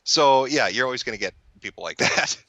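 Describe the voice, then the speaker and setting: Blunt, profane man with a bright voice. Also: mid-range voice, lively intonation, brisk, dry recording. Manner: blunt, profane, sarcastic, laughs while talking. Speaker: podcast guest and commentator. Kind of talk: casual chat.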